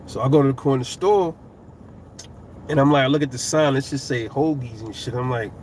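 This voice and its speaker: A man's voice: mid-range voice, brisk, a little mellow, a little hiss or hum. Profane New York man talking boxing. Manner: profane, rambling, heated at times. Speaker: boxing YouTuber. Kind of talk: casual fight commentary.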